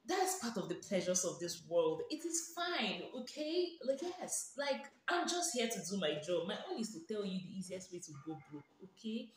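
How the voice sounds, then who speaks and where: A woman's voice: medium pitch, sing-song, moderate pace, hardly any pauses, fairly bright tone. A woman with a Nigerian accent giving playful, sarcastic lifestyle advice in a vlog, teasing and often laughing. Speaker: lifestyle vlogger. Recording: very echoey room.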